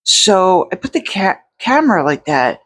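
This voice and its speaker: Casual artist vlogger at home, rambly and self-interrupting, plain mid-pitched voice. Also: very animated, measured pace, a bit bright. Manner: rambling, self-interrupting, lots of restarts and fillers. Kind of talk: casual vlog talk. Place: indoor home studio. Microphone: separate microphone.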